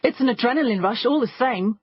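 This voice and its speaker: A woman's voice: on the high side, expressive, a little fast, breathy edge, no echo, muffled recording. A woman reading as a boastful thrill-seeking man. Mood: defensive. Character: adult man, a client, boastful thrill-seeker.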